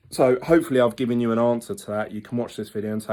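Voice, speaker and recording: A man's voice: mid-range voice, flat delivery, very fast, hardly any pauses, mellow. A man, talking candidly and rambling in a casual vlog with lots of ums. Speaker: vlogger. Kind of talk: casual diet vlog talk.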